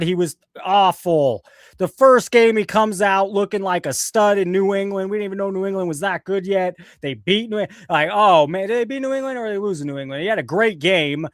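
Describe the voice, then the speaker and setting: A man's voice: sits high, dry recording, clean studio sound. A man hosting a casual live show, ranting and sarcastic with frequent swearing. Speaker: host.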